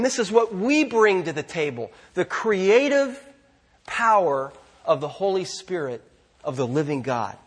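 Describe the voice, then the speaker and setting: A man preaching a sermon as pastor, earnest, slowing down to stress key phrases. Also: high-pitched, slightly rough.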